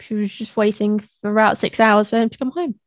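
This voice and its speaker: A woman hosting a podcast in casual chat, chatty and quick to laugh, restarting sentences as she goes. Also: mid-range voice, fairly even intonation, dull audio. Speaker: podcast host.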